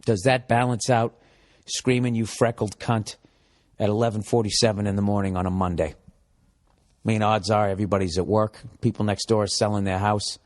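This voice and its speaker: A man in his forties hosting a comedy podcast from home, rambling in a profane, animated monologue and slipping into mocking voices. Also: fairly low pitch, a little fast. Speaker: podcast host. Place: home room with window.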